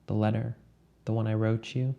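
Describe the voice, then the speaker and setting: A man voicing a menacing, entrancing man over a century old, with an English accent and a low, slow, soft way of speaking. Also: flat delivery, gravelly, dull audio. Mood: slow, sinister.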